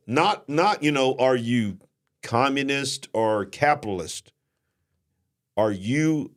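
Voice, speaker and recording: A man with a mid-range voice and a Southern US accent co-hosts a live-stream show. His manner is folksy and emphatic, and he repeats himself for stress.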